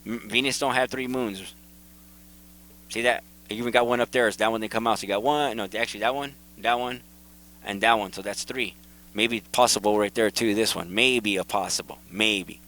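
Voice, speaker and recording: A man hosting his own video, casually and excitedly talking viewers through photos and repeating himself as he points things out. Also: on the low side, normal speed, low-quality recording. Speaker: video host. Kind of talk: casual commentary over photos.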